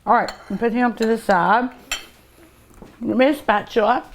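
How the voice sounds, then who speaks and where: On a cooking show, a middle-aged woman host tastes dishes and gushes over every bite with long, drawn-out hums of delight. Her voice is a little high, and there is a slight hiss or hum in the recording.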